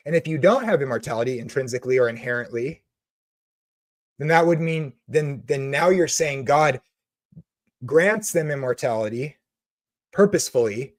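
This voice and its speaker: A man's voice: medium pitch, expressive, moderate pace, pauses often. A man hosting a Christian video, ranting with passion and sarcasm about theology, then reading comments.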